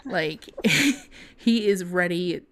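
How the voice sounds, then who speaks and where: A young woman co-hosting a podcast, telling a story in a casual, animated way with laughter. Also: lowish voice, very slow. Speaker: podcast co-host.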